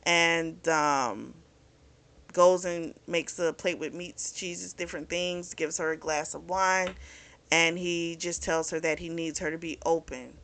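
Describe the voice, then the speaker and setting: Woman host, casual book recap, chatty and frank, bright tone. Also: lowish voice, fairly even intonation, slow. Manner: candid and chatty, recounting the plot with frank opinions. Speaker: book review channel host.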